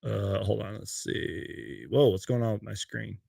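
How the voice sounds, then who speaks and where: Gravelly young man hosting a live fan stream. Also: unhurried, no echo, studio quality. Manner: excitable, loud outbursts on highlights, then rambling. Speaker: sports fan show host. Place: bedroom at home.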